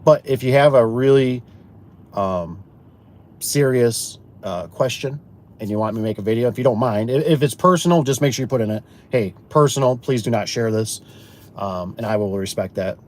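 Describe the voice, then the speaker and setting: A man talking straight to his viewers in a loose, folksy way, wandering from one work story to the next. His pitch sits in an ordinary middle range, and he slips into quick bits of dialogue as he tells a tale. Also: darkish tone. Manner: rambling, folksy, acts out both sides of conversations. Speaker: garage door installer and business owner.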